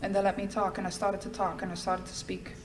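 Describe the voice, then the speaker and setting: A middle-aged woman giving a personal testimony at a recovery fellowship event, telling her story in a lively way and acting out the lines she quotes. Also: mid-range voice, fast, a little hiss or hum. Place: large event hall. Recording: echoey hall with faint ambience.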